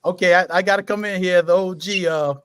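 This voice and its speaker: A man's voice: high-pitched, steady tone, fairly quick, fairly bright tone, clear, resonant tone. A middle-aged man, a father of four, speaking earnestly about his own life in a casual panel discussion. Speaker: panel guest.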